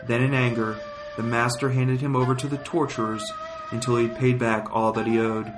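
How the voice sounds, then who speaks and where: A man reading scripture and prayers as a liturgical reader, in solemn, measured phrases. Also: medium pitch, little pitch movement. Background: flute music.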